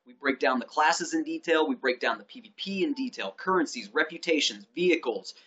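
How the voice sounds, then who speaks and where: Male gaming co-host, bright tense voice, excited plugging, lo-fi. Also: a little fast, breathy edge. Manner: excited, pitching the channel, stumbling restarts. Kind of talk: casual game news chat. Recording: dull lo-fi sound.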